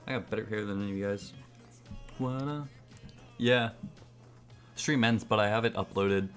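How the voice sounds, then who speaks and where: A man's voice: fairly low pitch, moderate pace, a bit bright, soft background music. A young man streaming live, goofily chanting a name over and over between casual asides to his chat.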